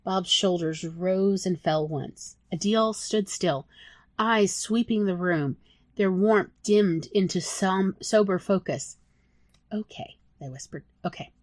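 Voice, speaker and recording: A woman narrating her own story in a soft, emotional audiobook style. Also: mid-range voice, takes it slowly, no echo. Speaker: author reading own story.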